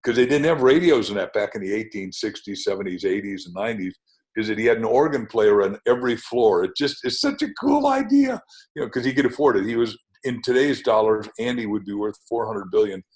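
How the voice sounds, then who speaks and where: A man's voice: lowish voice, lively intonation, brisk, a little mellow, rough recording. An older man, a podcast guest and author, telling stories with rambling asides and name-dropping. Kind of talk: podcast interview, enthusiastic storytelling.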